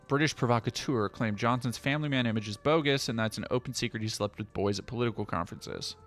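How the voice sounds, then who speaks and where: A man's voice: medium pitch, quick pace, a bit bright, soft background music. A man streaming, reading news headlines aloud and reacting with sarcastic asides. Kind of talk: casual stream commentary.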